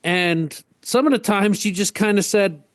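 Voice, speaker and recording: A man co-hosting a casual podcast, spinning stories with lively energy. His voice sits a bit on the high side and gets pushed even higher when he mimics people. The sound is close and dry, with no room around it. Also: unhurried, no echo. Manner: animated storyteller, jumps high in pitch to act out people. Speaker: podcast co-host. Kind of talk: casual storytelling chat.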